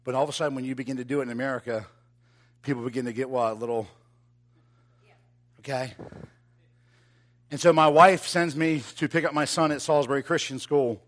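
A man preaching, telling a personal story with animated, rising delivery that drops to quiet, intimate moments. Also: medium pitch, fairly quick, long pauses. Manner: animated, builds to loud excited telling. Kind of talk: sermon storytelling.

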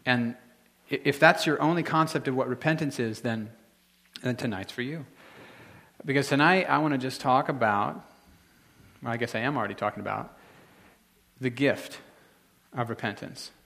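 Male pastor, mid-pitched, chatty sermon delivery with lots of self-corrections. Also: gravelly, a bit bright. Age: adult, married. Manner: conversational, halting with many restarts.

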